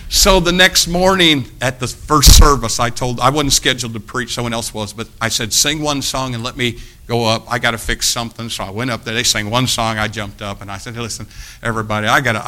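A man preaching, telling a long story about himself in an animated, self-mocking way, acting out the quotes. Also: medium pitch, brisk. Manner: animated anecdote with acted quotes, laughing at himself. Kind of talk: storytelling sermon.

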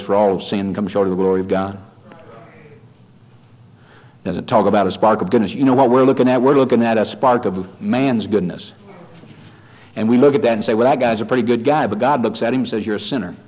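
A man preaching a fiery sermon, swinging from quiet warnings to loud rising appeals, calling his listeners folks. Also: fairly low pitch, fairly quick, pauses often, dull audio. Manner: addresses listeners as "folks", repeats phrases.

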